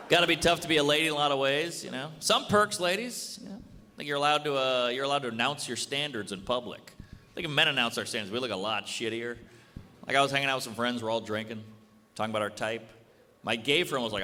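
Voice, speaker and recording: A man in his thirties doing a stand-up comedy set, with a brash and animated delivery that breaks into shouted punchlines. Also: mid-range voice, quick pace. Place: large hall with live audience. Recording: echoey hall, audience noise.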